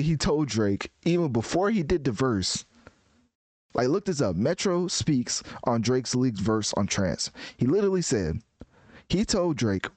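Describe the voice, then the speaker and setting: A man giving casual music commentary in a rambling, animated way, often restarting his sentences. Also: mid-range voice, no echo.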